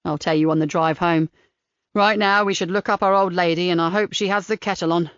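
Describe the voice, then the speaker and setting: A shrewd, wry male detective, as a woman narrator voices him. She drops her voice lower for him. The recording is dry and slightly muffled. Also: fairly even intonation, brisk, fairly bright tone, smooth, dry recording, natural voice. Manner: wry, knowing. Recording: dry, slightly dull studio sound.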